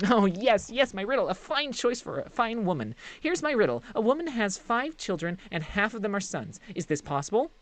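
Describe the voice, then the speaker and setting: Streamer doing a squeaky eager lil kobold girl, sing-songy, talks about herself in third person, keeps repeating stuff. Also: sing-song, normal speed, few pauses, natural voice. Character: excitable little female kobold servant. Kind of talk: live-streamed game voice acting.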